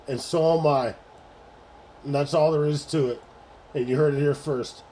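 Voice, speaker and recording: A man's voice: fairly high pitch, steady tone, moderate pace, pauses often, warm tone. A man hosting a late-night sports livestream, talking casually and profanely to his chat about fantasy football trades. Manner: profane, exasperated banter with chat. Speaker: livestream host.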